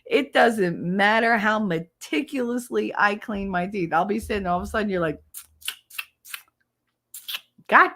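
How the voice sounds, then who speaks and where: A woman's voice: medium pitch, normal speed, hardly any pauses, a bit bright. A woman hosting a podcast, telling stories in a blunt, profane, casual way and laughing often. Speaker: podcast host. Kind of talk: casual solo chat.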